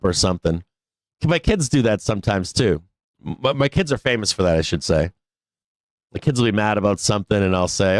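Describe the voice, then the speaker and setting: A man's voice: lowish voice, animated, normal speed, no room sound. A middle-aged man hosting a live stock market show, chatting casually and candidly, swearing and laughing often. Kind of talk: casual live-stream talk.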